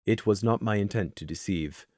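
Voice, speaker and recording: A man's voice: fairly low pitch, normal speed, a little mellow, no room sound, studio quality, voice pushed down, close to an everyday voice. A man voicing a formal, polite male stag guide who speaks courteously in old-fashioned phrasing. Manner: courteous, archaic formal speech.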